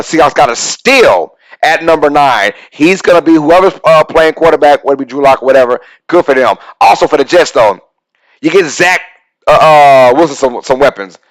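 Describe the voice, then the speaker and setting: A man hosting a casual live-stream sports talk show, excitable and reading out chat comments as he goes. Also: on the high side, rough recording.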